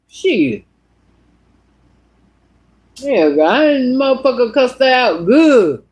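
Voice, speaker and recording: A woman's voice: sits high, takes it slowly. A woman telling a story in a casual vlog monologue, blunt and full of cussing. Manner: blunt, profane, animated. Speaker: vlogger.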